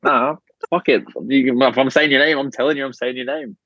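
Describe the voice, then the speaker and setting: A man's voice: medium pitch, a little fast, no echo, dull audio. A man with an Australian accent, a guest telling blunt, profane stories in casual podcast chat and acting out what others said. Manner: blunt, profane storytelling with animated quoted voices. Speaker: guest, reality show contestant.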